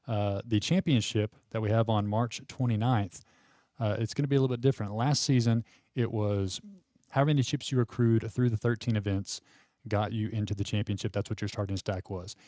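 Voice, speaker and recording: A man's voice: lowish voice, steady tone, normal speed, mellow, no echo, studio quality. A man hosting a live poker stream, chatting casually with fillers and frequent laughs.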